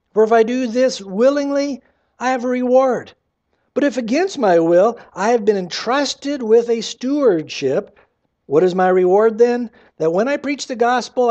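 A man's voice: high voice, warm tone, highs cut off. A man preaching a sermon to his church, reading scripture aloud and adding wry, conversational asides. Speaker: pastor.

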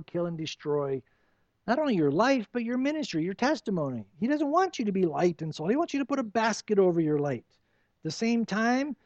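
A male pastor with a high voice preaches in an earnest, pleading way and presses his listeners with question after question. The sound is dry and close, a little dull in tone. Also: no room sound. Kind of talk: sermon.

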